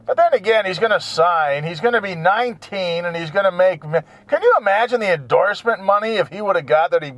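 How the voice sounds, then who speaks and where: A man's voice: high-pitched, no echo. A man talking in a casual, rambling, jokey monologue as a vlogger.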